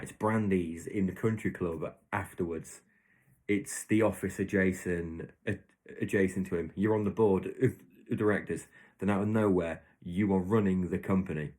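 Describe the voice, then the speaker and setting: A man's voice: low voice, moderate pace, darkish tone. A man hosting his own podcast, talking casually and rambling through made-up examples with lots of restarts. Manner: rambling, self-correcting, storytelling with hypothetical examples. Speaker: podcast host. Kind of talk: casual solo podcast monologue.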